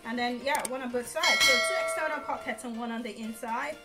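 A woman's voice: a little high, a little fast, loud music behind the voice, rough recording. A young woman chatting casually on camera at home, rambling and giggling through a fashion haul. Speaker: fashion vlogger. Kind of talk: casual haul video chat.

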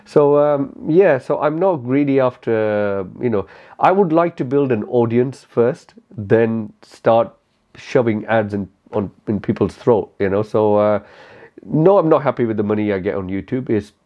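A man's voice: medium pitch, lively intonation, unhurried. Frank man with a dull-sounding recording. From India. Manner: frank, rambling, with many fillers and restarts. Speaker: motorcycle YouTuber. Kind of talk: casual Q&A talk to camera.

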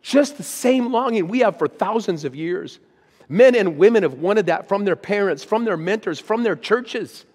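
A man's voice: high voice, animated, moderate pace, a little mellow, slightly rough, in a large hall. A man, a pastor, preaching a sermon, reading scripture with rising intensity and then speaking plainly to the congregation. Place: church auditorium.

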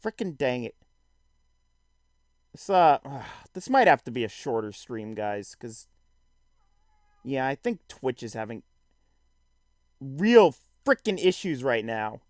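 A man's voice: mid-range voice, sing-song, slow, long pauses, a little mellow, dry recording, clean studio sound. A man streaming a video game live, joking and self-deprecating as he chats to viewers. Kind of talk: live let's-play commentary.

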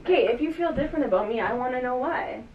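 A woman's voice: sits high, animated, quick pace, dull audio, slight background noise. A woman vlogger in casual chat, insistently questioning and pleading. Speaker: vlogger, the girlfriend being pranked. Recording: roomy, far from mic, faint music.

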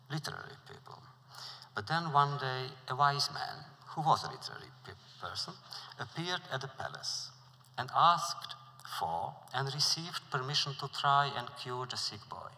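A middle-aged man giving a lecture, telling a story in a measured, deliberate way. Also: medium pitch, sharp tone. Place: lecture hall before an audience. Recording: reverberant lecture hall.

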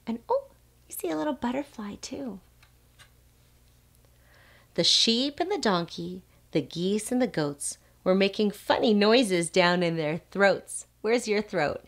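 A woman speech therapist reads a picture book aloud to toddlers. Her voice rises and falls in a lively, sing-song way, and she takes her time. She stops to ask the child questions and makes playful animal sounds. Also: on the low side.

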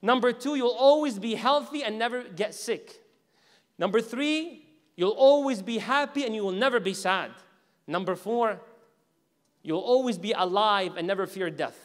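An Islamic teacher with a fairly high voice gives a lively religious lecture at a mosque at normal speed. He acts out imagined speakers and keeps posing questions to the audience, while the hall adds a long reverb to his voice.

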